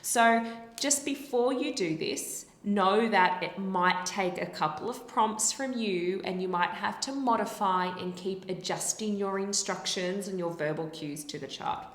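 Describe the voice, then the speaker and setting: A woman's voice: medium pitch, a little slow. Woman, speech therapist, instructional, encouraging, demonstrates sounds, echoey room. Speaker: speech-language pathologist. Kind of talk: instructional explanation. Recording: roomy echo.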